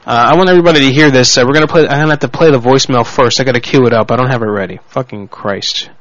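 A man's voice: medium pitch, racing, fairly bright tone, no room sound, highs cut off. A man hosting a live-streamed prank call show, joking brashly with his chat.

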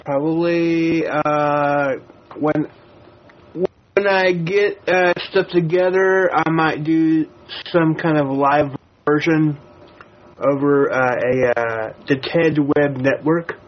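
A man's voice: a little high, slow pace. Hesitant male guest, lo-fi sound. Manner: hesitant, self-deprecating. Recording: dull lo-fi radio audio.

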